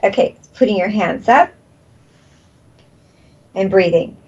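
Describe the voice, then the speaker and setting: A woman's voice: medium pitch, slow, a little mellow, husky. Lady healer coaching someone to breathe, soothing, repeats herself, slightly muffled sound. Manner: soothing, repeats breathing cues, laughs often. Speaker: energy healer. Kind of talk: guided healing session.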